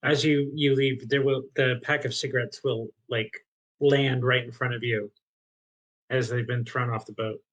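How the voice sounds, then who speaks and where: A man's voice: medium pitch, steady tone, normal speed, fairly bright tone, highs cut off. A man at a tabletop game session, his voice sitting in a middle register. He narrates what his character does step by step and slips in jokes between the action. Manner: describes actions in third person, jokey. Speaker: player. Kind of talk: tabletop role-play.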